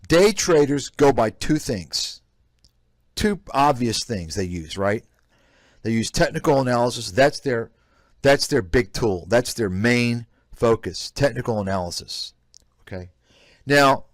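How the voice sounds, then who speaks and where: A man's voice: medium pitch, no room sound, clean studio sound. A man giving blunt, scornful commentary on a live stream, reacting to clips. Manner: blunt, scornful, repetitive ranting. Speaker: host, investment analyst.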